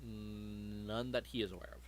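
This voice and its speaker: A man's voice: fairly low pitch, fairly even intonation, unhurried, a crowd in the background. A man running a tabletop game as game master, joking and swearing freely.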